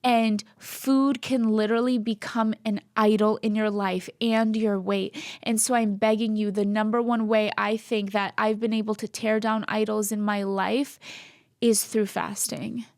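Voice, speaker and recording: A woman's voice: mid-range voice, little pitch movement, unhurried, a little mellow, dry recording, clean studio sound. A young woman co-hosting a candid faith podcast, talking earnestly and rambling, often laughing at herself. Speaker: podcast co-host.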